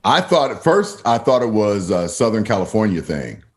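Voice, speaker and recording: A man joining a video call podcast, talking in an animated way, laughing and restarting his sentences. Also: fairly low pitch, normal speed. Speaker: podcast panelist. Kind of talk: casual chat.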